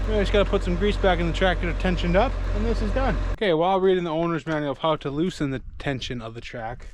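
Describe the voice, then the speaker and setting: Joking man in a noisy farm shop. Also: high-pitched. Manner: self-deprecating, joking, thinks aloud. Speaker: farm vlogger doing equipment repairs. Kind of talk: casual running commentary while working.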